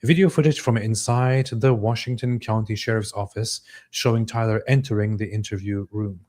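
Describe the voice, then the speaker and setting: A man with a fairly low voice gives live commentary on court footage. He talks in a deliberate, measured way and restarts some phrases. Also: steady tone, darkish tone. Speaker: co-host of a live stream.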